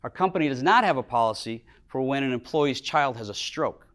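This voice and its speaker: Expressive and brisk, a middle-aged business owner from Minnesota tells earnest stories in a motivational talk to a lecture hall audience. When emotion hits, he drops to a low, quiet voice.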